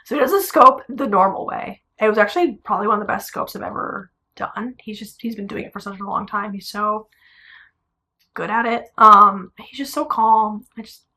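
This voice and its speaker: Young woman, singer, casual vlog to camera, bright and forceful, blunt, cusses freely. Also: medium pitch, normal speed. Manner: animated, blunt, swears casually. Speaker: singer telling her story.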